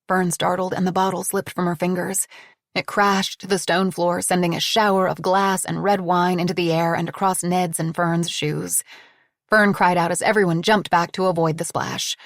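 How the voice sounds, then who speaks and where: A woman narrating an audiobook in a measured, descriptive reading. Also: fairly low pitch, little pitch movement, creaky, no room sound, studio quality. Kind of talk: scripted narration.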